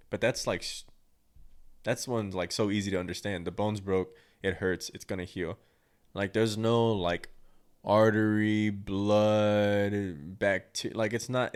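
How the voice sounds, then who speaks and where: On his own podcast, a young man with a fairly low voice rambles through a personal anecdote, speaking bluntly and crudely with lots of profanity.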